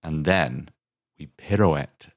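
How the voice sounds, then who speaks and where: A man's voice: very deep voice, slow pace, dry recording. A man playing a comedy tabletop game, laid-back and dry. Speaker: player. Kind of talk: casual play banter.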